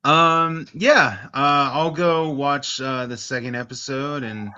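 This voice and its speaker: A man's voice: medium pitch, steady tone, takes it slowly, pushed and bright, muffled recording, slight background noise. A man co-hosting a podcast in casual chat, blunt and profane, rambling with lots of fillers. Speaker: podcast co-host.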